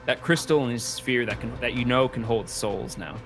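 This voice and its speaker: A man narrating a tabletop game as game master, playful and quick with asides, over a video call with faint music behind. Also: medium pitch.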